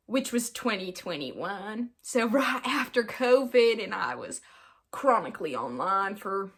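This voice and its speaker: A woman's voice: medium pitch, fairly bright tone. Giggly rambling young woman podcaster. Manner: rambling, giggly and self-mocking; puts on an accent in places. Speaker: podcast host. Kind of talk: casual solo podcast chat.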